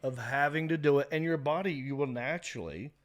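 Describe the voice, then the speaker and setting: An animated man with a North Carolina accent, chatting casually as a podcast guest. He tells stories and slips into the voices of the people he quotes. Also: a little high, fairly quick. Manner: animated storyteller who acts out quoted voices. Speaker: guest comedian.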